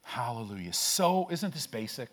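With a mid-range, fairly bright voice, a very animated male pastor gives an energetic church sermon in rapid bursts. He asks rhetorical questions and exchanges call-and-response with the congregation.

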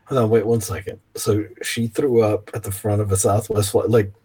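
A man co-hosting a casual podcast, chiming in with jokes and quick banter. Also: on the low side, little pitch movement, dark tone, slightly rough. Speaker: podcast co-host. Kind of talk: casual chat.

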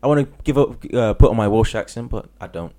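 A man's voice: animated, fast talker, warm tone. A man co-hosting a casual football chat, jokey and teasing as he prods the others. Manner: jokey, teasing, swings his pitch around. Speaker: podcast co-host.

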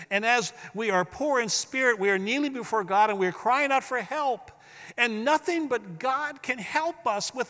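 A man preaching a sermon as pastor, swinging between hushed, drawn-out words and loud, emphatic bursts. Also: very high voice, animated. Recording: long hall reverb.

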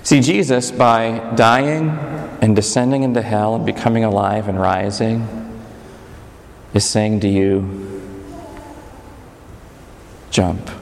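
A man preaching a sermon, swinging between high urgent passages and low intimate ones. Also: fairly even intonation, unhurried, long pauses. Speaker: pastor. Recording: echoey hall reverb.

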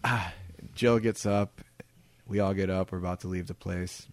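A man co-hosting a podcast, telling a story in a casual, animated way and acting out what people said. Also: low voice, moderate pace, dry recording, clean studio sound. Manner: animated, laughing, acts out quotes. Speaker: podcast co-host.

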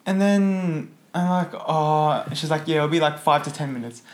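Laughing man, slightly high voice. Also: moderate pace. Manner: laughs often while telling a story, acts out quoted voices. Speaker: podcast co-host. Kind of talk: casual chat.

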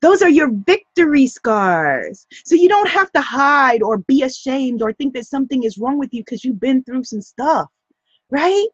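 A woman hosting a motivational live stream, speaking in an animated, emphatic way and repeating phrases for stress. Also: high voice, moderate pace, slightly rough, no echo. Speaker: host of a live broadcast. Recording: dull lo-fi dry stream audio.

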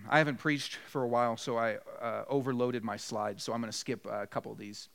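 A man's voice: medium pitch, steady tone, fairly quick, gravelly, a bit bright. A man preaching a sermon as pastor of his church, earnest and direct, acting out apologies as little bits of dialogue. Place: church sanctuary.

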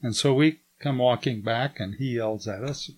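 An older man shares a personal testimony as an animated storyteller. He talks at a middle pitch and slips into other people's lines as he recounts events. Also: moderate pace. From United States. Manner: lively storyteller who acts out the dialogue. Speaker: guest giving a testimony.

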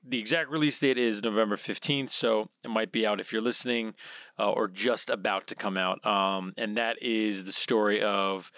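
Bright-voiced chatty male podcast host. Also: fairly low pitch, dry recording, clean studio sound. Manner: chatty and digressive, restarts often. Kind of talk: casual podcast chat.

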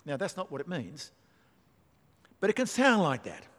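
Male preacher, emphatic and wry, fairly high voice, echoing church hall. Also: wildly swooping pitch, normal speed, fairly bright tone. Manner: emphatic, rhetorical questions, dry asides. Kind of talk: sermon. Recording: long hall reverb.

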